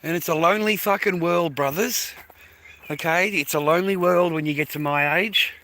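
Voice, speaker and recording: A weary, middle-aged Australian man talks straight into his phone while he walks outdoors, rambling and cursing as he calls his viewers mate and boys. His voice sits a little high and comes across forceful and bright. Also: normal speed. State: tired. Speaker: vlogger. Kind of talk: casual rambling monologue to viewers. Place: outdoors, walking to a bus stop early in the morning.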